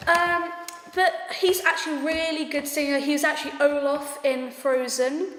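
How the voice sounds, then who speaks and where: An English girl chatting casually about a film she watched, giggly and animated. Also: sits high, moderate pace, slight background noise. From England. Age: child. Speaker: young co-reviewer. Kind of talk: casual film review chat. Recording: echoey room with long reverb.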